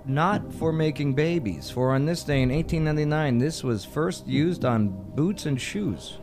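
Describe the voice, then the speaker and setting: A man's voice: a little high, moderate pace, music in the background. A man hosting a casual trivia show, reading clues and joking with his guests, laughing often. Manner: jokey, laughs often, animated. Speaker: host of a trivia game show.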